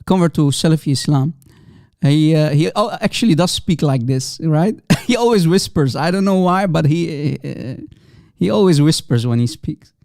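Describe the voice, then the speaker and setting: A fairly high-voiced man hosts a live reaction stream, laughing and egging on his viewers. His sound is close and dry, with no room around it. He keeps up a mocking, excitable patter. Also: normal speed, vocal fry, no room sound. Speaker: livestream host.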